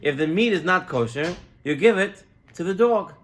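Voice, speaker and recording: A man's voice: sits high, expressive, moderate pace. A rabbi playing a pushy male neighbor in a told story, coaxing and insistent.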